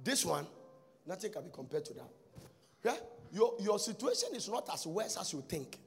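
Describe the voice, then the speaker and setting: A man preaching a sermon, breaking into sudden shouts and sing-song lines. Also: sits high, big pitch swings, moderate pace, creaky, breathy edge, faint music behind.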